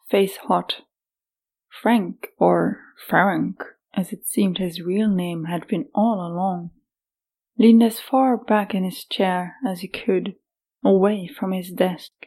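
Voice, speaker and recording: Unhurried woman narrating an audiobook. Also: lowish voice, darkish tone.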